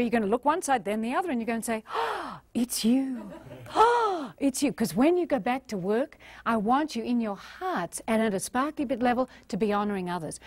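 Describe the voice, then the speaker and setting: A woman leadership trainer giving a playful, animated seminar talk to an audience. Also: fairly high pitch, dry recording. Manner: playful and animated, acting out quotes with gasps.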